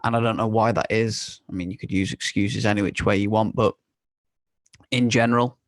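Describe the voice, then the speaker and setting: A man's voice: fairly low pitch, steady tone, a little fast, no echo. A young man hosting a podcast in a candid, conversational monologue, swearing and laughing now and then. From United Kingdom. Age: young adult. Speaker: podcast host. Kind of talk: casual monologue.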